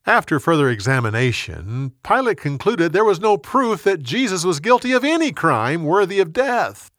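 A man narrating a Bible story in an expressive, dramatic reading style. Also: fairly high pitch, moderate pace, no echo, studio quality. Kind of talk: scripted storytelling.

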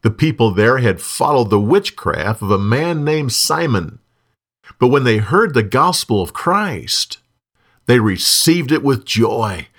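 A man narrating a Bible story in a scripted, expressive reading. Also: mid-range voice, takes it slowly.

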